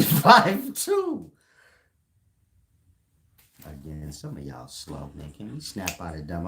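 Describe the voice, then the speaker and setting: A man's voice: low voice, a little hiss or hum, rough recording. A man in casual online talk, slangy and mocking, who laughs often at his own jokes. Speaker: online commentator.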